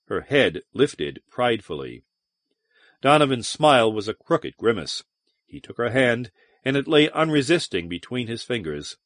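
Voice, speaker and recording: A man narrating a science fiction audiobook in an expressive, varied storytelling manner. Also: mid-range voice, moderate pace, no echo, studio quality. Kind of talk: scripted narration.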